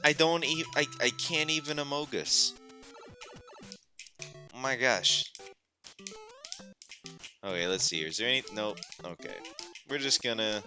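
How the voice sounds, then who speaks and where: A man hosting a relaxed gameplay stream, with frequent exclamations and laughter. His voice is very bright and lively, leaping up and down in pitch. Faint music plays underneath. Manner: animated, exclamatory, laughs often. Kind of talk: casual gameplay chat.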